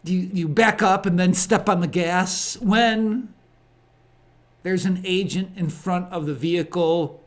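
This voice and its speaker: A man's voice: high voice, steady tone. A man hosting a ministry show and giving a spoken commentary monologue, with emphatic repeated phrases. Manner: slow, deliberate delivery with emphatic repeated phrases.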